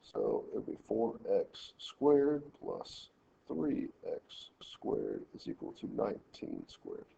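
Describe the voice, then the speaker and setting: A man in a recorded math lesson works each problem aloud step by step and tells his students how to set out their work. His voice is mellow and dark-toned. The audio is dull and lo-fi, like a screencast mic. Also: fairly low pitch, wildly swooping pitch, slow pace, vocal fry, slight background noise. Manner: talks through problems step by step, directing students. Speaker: math teacher.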